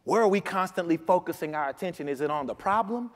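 Impassioned preacher with a slightly high voice. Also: male voice, animated, quick pace, long reverb tail. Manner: impassioned, building from quiet to loud. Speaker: pastor. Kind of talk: sermon. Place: church sanctuary.

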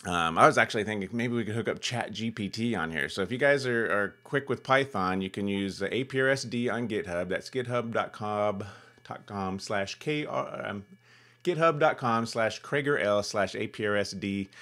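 A man's voice: lowish voice, moderate pace, a bit bright. A man hosting a ham radio channel, explaining a radio demo in a rambling, chuckling way with lots of fillers. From California. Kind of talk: casual demo vlog.

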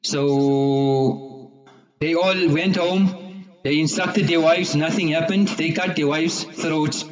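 A man with a fairly high voice tells a moral folk tale at an easy pace, stopping on frequent "uh" fillers and slipping into the characters' lines. The sound is distant, roomy and dull. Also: steady tone. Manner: unhurried retelling with frequent "uh" pauses and acted quotes. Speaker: storyteller.

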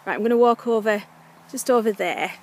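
With slight background noise behind her, a young woman speaks fairly quickly in a voice on the high side. She's a vlogger from North East England, walking her dog along the coast and chatting casually to camera, frustrated and full of fillers.

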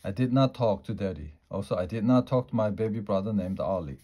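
A man reading a children's book aloud in a quiet, measured way. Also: on the low side, animated. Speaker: storyteller.

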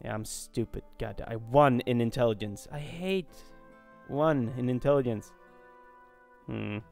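A man's voice: medium pitch, measured pace, gravelly, a little mellow, faint music behind. A man giving casual, joking, profane commentary while playing a fantasy role-playing game. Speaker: gaming video host. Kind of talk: casual let's-play commentary.

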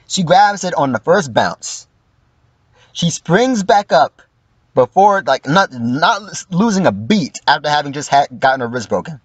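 A man's voice: mid-range voice, big pitch swings, normal speed, slightly rough, dry recording. A man giving casual, profane livestream commentary, acting out quoted lines in mock voices.

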